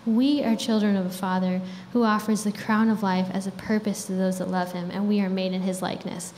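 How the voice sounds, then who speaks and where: A woman's voice: medium pitch, flat delivery, a little fast, a little mellow. A young woman preaching a sermon in a casual, chatty way, with frequent fillers. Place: church hall. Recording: reverberant hall with faint background noise.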